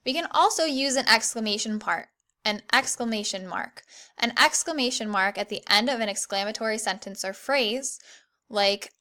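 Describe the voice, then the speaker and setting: A young woman teaching an online grammar lesson to children, clear and encouraging, reading the examples slowly. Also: on the high side, bright, forceful tone.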